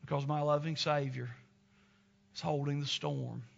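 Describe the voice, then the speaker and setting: A man's voice: on the high side, fairly even intonation, moderate pace, creaky. A man voicing a seasoned ship's captain who speaks steadily and teases his frightened wife. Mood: calm. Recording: slightly dull lo-fi recording.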